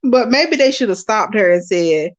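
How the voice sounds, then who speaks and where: A woman hosting a live watch-along, reading viewer comments aloud and chatting casually to her audience, animated and quick to laugh. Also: medium pitch, lo-fi sound. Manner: animated, laughs often, talks straight to viewers. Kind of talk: casual live-stream chat.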